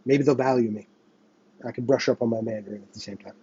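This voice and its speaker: A man's voice: medium pitch, fairly even intonation, fast, dark tone, slightly rough, lo-fi sound. Profane young man ranting. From United States. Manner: profane, sarcastic, heated ranting. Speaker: podcast host. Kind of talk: ranting solo podcast monologue.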